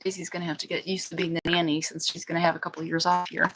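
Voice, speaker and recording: A woman's voice: little pitch movement, racing, fairly bright tone, rough recording. Woman breeder, casual home live stream, chatty, lots of restarts. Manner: chatty, coos in high baby talk to puppies. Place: indoors at home.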